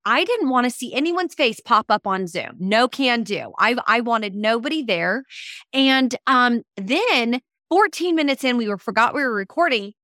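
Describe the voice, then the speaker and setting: A woman co-hosting a podcast as a coach, telling stories in a lively way and acting out quoted dialogue. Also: a little high, normal speed, dry recording, clean studio sound. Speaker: co-host and coach. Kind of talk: casual podcast storytelling.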